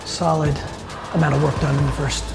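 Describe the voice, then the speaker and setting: A man's voice: a little high, little pitch movement, brisk, vocal fry, over music. A man vlogging his day and giving a motivational talk, blunt, intense and full of swearing. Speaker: entrepreneur vlogger and conference speaker. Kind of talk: casual vlog talk and motivational speech.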